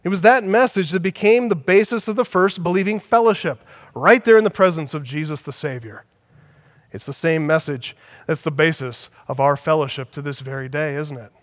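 High-voiced man preaching in a reverberant hall. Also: fairly quick. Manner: emphatic preaching with building repetition. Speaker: pastor. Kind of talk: sermon.

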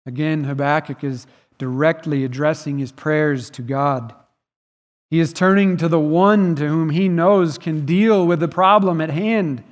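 A man's voice: fairly high pitch, unhurried. A man preaching a sermon as pastor, earnest and emphatic, his voice swelling and dropping in volume. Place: church sanctuary. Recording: long reverb of a church hall.

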